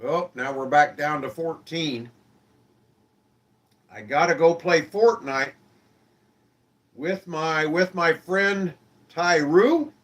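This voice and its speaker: A man with a rather high voice hosts a live stream, chatting with his viewers in a friendly way. He talks slowly and easily and keeps asking them questions. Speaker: live-stream show host. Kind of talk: casual chat with viewers.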